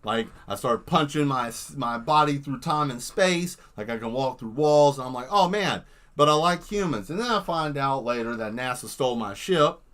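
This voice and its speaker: A man chatting casually on an art livestream while he draws, spinning rambling, animated stories. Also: mid-range voice, normal speed, few pauses. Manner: rambling, animated storytelling that jumps into silly voices. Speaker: livestream artist. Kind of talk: casual live-stream chat while drawing.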